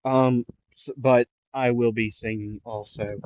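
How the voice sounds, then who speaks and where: A man voicing a shy, nervous teenage boy who speaks haltingly, with many fillers. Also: medium pitch, fairly even intonation, darkish tone, no room sound, highs cut off, close to an everyday voice.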